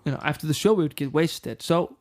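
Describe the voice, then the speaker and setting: An Icelandic rock frontman in middle age, speaking English as a second language with a slightly high voice. He tells his story bluntly and swears freely, slipping into the voices of the people he quotes. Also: fast, darkish tone. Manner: frank and profane, acts out quoted dialogue. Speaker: rock band frontman, guest. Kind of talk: candid interview storytelling.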